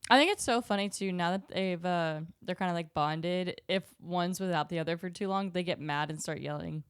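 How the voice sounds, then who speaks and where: Smooth-voiced woman in candid podcast chat. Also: lowish voice, brisk, no echo, clean studio sound. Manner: candid, laughing, casual swearing. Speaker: podcast co-host. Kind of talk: casual chat.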